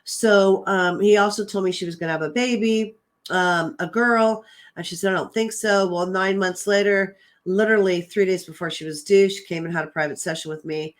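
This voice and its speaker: A woman's voice: medium pitch, steady tone, moderate pace. A woman hosting her own show, telling a personal story in a casual, chatty way. She retells conversations with lots of "I'm like" and "um", and sounds earnest and emotional. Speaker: host and psychic medium.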